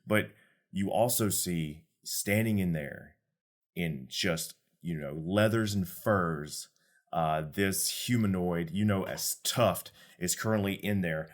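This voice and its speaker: A man narrating as game master of a tabletop game, relaxed and descriptive. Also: low-pitched.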